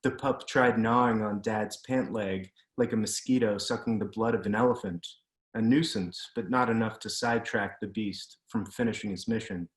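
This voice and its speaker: A man reading his own prose at a steady, deliberate pace, like an author at a reading. He sounds like he is on a video call, and the room around him adds a clear echo. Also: lowish voice. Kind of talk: literary reading. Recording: roomy echo.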